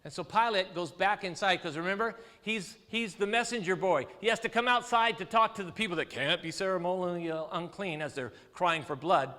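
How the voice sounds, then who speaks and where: A male pastor preaching a sermon, telling the story with lively, acted-out quotes. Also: high voice, a little fast, hardly any pauses, long reverb tail. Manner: animated storytelling preacher, acts out quoted voices. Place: church sanctuary.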